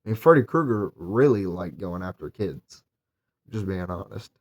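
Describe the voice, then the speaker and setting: A man's voice: deep voice, animated, moderate pace, a little mellow. A young man talks through a horror movie in a loose, casual recap. He rambles, restarts and piles on fillers. He sounds eager when he praises it. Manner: rambling, filler-heavy, enthusiastic. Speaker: movie reviewer.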